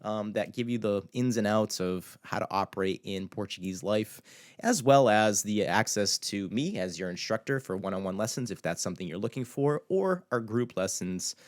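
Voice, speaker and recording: A man teaching a language lesson in a loose, conversational way, with filler words, who slowly repeats words to show how they are pronounced. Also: fairly low pitch, animated. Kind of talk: casual video lesson.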